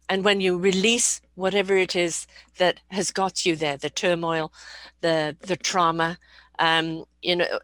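A woman's voice: lowish voice, a bit bright, dry recording. A woman host speaking earnestly in a conversation, repeating phrases to stress her point. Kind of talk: casual interview talk.

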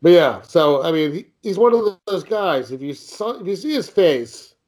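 A man with a fairly high speaking voice co-hosts a laid-back film podcast. He chats loosely and keeps breaking into laughter. Now and then he acts out lines from the movie. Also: expressive, moderate pace, a little mellow. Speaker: podcast co-host. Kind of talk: casual film discussion.

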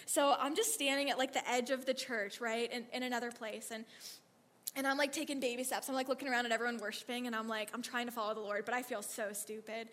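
Animated woman telling a faith story. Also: a little high, a little fast, big-room sound. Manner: animated, acts out quotes, frequent "like" and "okay". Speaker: speaker sharing a faith testimony. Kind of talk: storytelling testimony talk.

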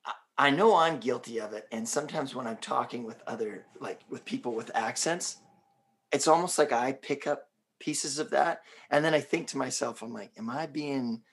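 A man hosts a casual interview in a gravelly, husky voice of middle pitch. He talks in a relaxed, conversational way, full of fillers, as he draws out his guest. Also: normal speed. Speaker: podcast host.

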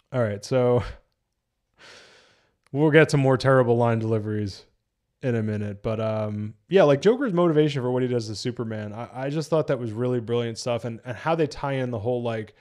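A young man from New Jersey casually reviewing on a live stream, animated, swearing and laughing often. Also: medium pitch, moderate pace.

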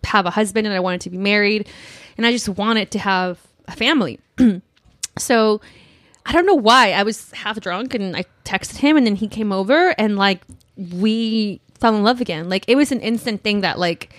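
A woman's voice: mid-range voice, normal speed, dry recording, clean studio sound. A young woman telling a personal story on a podcast in a rambling way, filling her talk with "like" and getting emotional. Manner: rambling, heavy use of "like", emotional.

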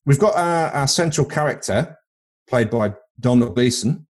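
A man's voice: mid-range voice, expressive, normal speed. A man from Britain co-hosting a podcast in casual chat, rambling into crude comic tangents. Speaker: podcast co-host.

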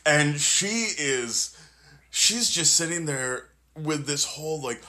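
A young man co-hosting a podcast, chatting casually, animated, swearing and laughing often. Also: a little high, measured pace. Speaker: podcast co-host. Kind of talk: casual chat.

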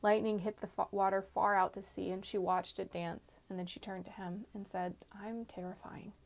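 A woman reading a fantasy novel aloud in a steady storytelling manner. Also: medium pitch, normal speed, vocal fry. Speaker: audiobook narrator. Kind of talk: scripted narration.

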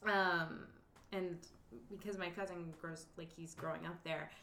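A young woman from the South co-hosting a casual chat, easygoing and relaxed. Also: on the low side, measured pace, reverberant. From Asheville, North Carolina. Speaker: podcast co-host.

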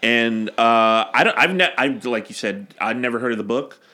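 A man's voice: medium pitch, expressive, moderate pace, bright, forceful tone. A man in his thirties co-hosting a movie podcast, easygoing in casual chat and recalling things in a rambling way. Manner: easygoing, affirming listener, rambling recollection. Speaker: podcast co-host.

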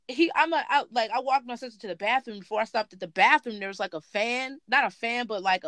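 A young woman with a fairly high voice tells a story on a casual podcast. She is animated and acts out what people said. The recording is close and dry. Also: dry recording. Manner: animated, acts out quotes, laughs often. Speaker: podcast co-host.

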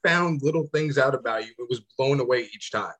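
A man's voice: medium pitch, brisk, fairly bright tone. A man hosting a podcast in casual chat, laid-back and slangy, asking curious questions. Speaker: podcast host.

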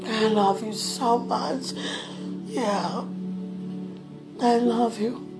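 A woman's voice: a little high, drawn-out words. A woman talking tenderly and laughingly to God in a spoken prayer, at times speaking in tongues. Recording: music playing behind the voice.

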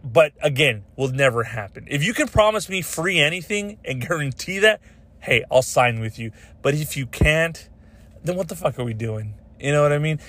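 A man's voice: fairly high pitch, moderate pace. A young adult man hosting a podcast, ranting casually and profanely, telling stories and acting out the people in them. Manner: animated, profane storytelling with voiced quotes. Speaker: podcast host. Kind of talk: casual solo podcast rant.

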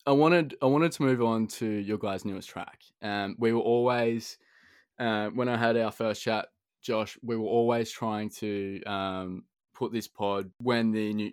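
A young Australian man hosting a podcast, telling an animated story with plenty of swearing and laughter. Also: lowish voice, no echo, studio quality. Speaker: podcast host. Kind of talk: casual chat.

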